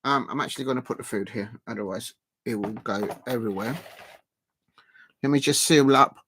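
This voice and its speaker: A man's voice: mid-range voice, brisk, background noise. Rambling man chatting during a football stream. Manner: rambling, many fillers and restarts; chats to viewers while eating. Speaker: football watch-along streamer. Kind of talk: casual live-stream chat.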